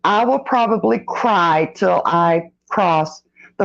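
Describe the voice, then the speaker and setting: A middle-aged woman hosts a relaxed live stream, talking slowly with a gravelly, fry-tinged voice. She greets viewers by name in a folksy, rambling way, and the sound is dull and lo-fi, as if from a phone. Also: lowish voice. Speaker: vlogger reading live chat. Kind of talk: casual live-stream chat.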